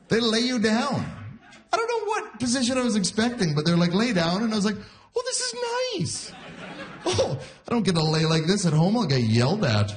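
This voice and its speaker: A man's voice: high-pitched, very animated, fairly quick. A man in his forties performing a self-deprecating stand-up set live, acting out voices in quotes. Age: 40s. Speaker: stand-up comedian. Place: live comedy venue before an audience. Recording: live audience laughter behind.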